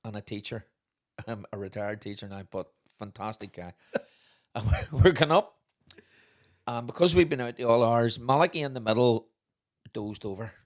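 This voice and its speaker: A middle-aged man, co-hosting a podcast and telling stories in a lively way, laughing often. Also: medium pitch, moderate pace. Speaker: podcast co-host, father. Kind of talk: casual storytelling chat.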